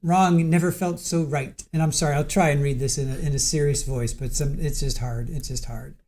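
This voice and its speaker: A man hosting a casual livestream about a trial, chatty and giggly, reading aloud haltingly. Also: mid-range voice, steady tone, a little mellow. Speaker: trial commentary host.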